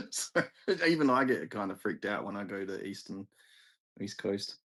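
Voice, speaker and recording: A laid-back Australian man with an Australian accent, chatting casually on a live stream. His voice sits very low and has a husky grain. He tells stories easily and chuckles often. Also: animated, normal speed, fairly bright tone, rough recording. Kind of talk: casual chat.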